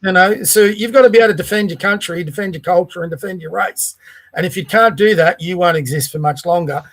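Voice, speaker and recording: A man's voice: high voice, fast talker, a bit bright. A man co-hosting a podcast, making long, opinionated, rambling arguments. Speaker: podcast co-host. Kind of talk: casual podcast chat.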